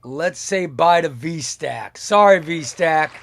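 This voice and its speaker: A man's voice: on the high side, takes it slowly, few pauses, fairly bright tone. A man hosting a live comics stream, playfully calling out giveaway names one by one. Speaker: comic channel host.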